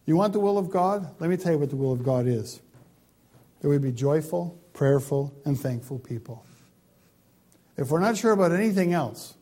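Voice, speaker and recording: A man preaching a sermon, emphatic and building lists of words, dropping now and then to a quiet, pleading tone. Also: a little high. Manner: emphatic, swings from loud stresses to quiet pleading; repeats words in lists for stress. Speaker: pastor.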